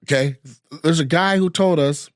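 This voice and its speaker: Animated man telling travel stories. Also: a little high, moderate pace, no echo, clean studio sound. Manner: animated, acts out voices of people in his stories. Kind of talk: casual storytelling chat.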